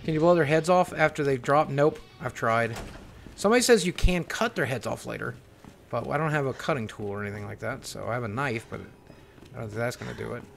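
A man giving live gameplay commentary as a streamer, excitable and swearing, panicking and talking to his chat. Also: mid-range voice, fairly quick, gravelly, slight background noise. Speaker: gaming streamer.

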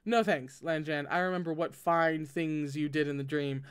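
A man's voice: a little high, steady tone, normal speed, smooth, lightly acted. A man doing a cheeky teasing young man. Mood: protesting.

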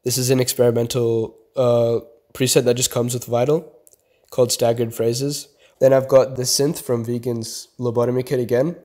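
A man's voice: mid-range voice, flat delivery, normal speed, warm tone. A young man walking through how he builds a beat, talking casually step by step with lots of "kinda" and "like". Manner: laid-back, explains step by step with fillers like "kinda" and "like". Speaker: beat producer teaching a tutorial. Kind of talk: casual tutorial voice-over. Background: beat playing faintly under the voice.

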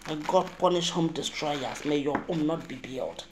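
Middle-aged nigerian woman, fairly low voice, emphatic scolding monologue, echoey room. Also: animated, normal speed, noisy background. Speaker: vlogger. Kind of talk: casual spiritual monologue to camera.

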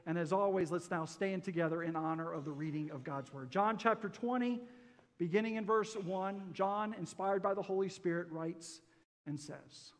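A man's voice: high voice, normal speed. A man preaching a sermon in a folksy, joking way and asking the congregation questions. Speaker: pastor. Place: church sanctuary. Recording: church hall reverb.

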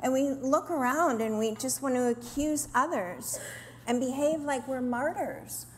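High-voiced woman preaching slowly in a hall. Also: a little hiss or hum. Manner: earnest, acts out quoted complaints in lively voices. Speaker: women's ministry speaker. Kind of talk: sermon. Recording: roomy hall with faint ambience.

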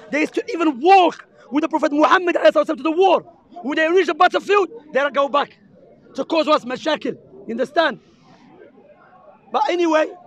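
His voice very high and fairly bright in tone, an Arabic-accented man debates a crowd outdoors in a park as a street preacher. The exchange is heated, and he's impassioned and insistent, going over the same points again and again.

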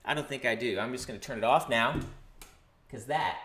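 A man's voice: mid-range voice, fast talker, echoey room. A man giving a rambling, tongue-in-cheek art lesson monologue, meandering and repeating words. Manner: meandering, repeats words, sudden swoops up into a loud sing-song. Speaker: self-styled art teacher.

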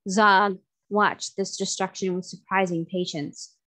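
Woman, storybook narrator, reading a children's novel aloud, steady pace. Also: mid-range voice, unhurried.

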